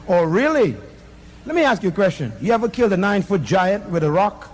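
A man with a strikingly high voice preaches a fiery sermon, swinging widely in pitch. He hammers his points with rhetorical questions. Faint noise sits beneath him. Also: very animated, fairly quick. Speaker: pastor.

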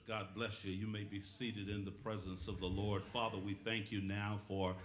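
A man's voice: lowish voice, flat delivery, moderate pace, hardly any pauses, reverberant. A male pastor preaching a call-and-response sermon, rhythmic and calling on the congregation for witnesses. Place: church sanctuary.

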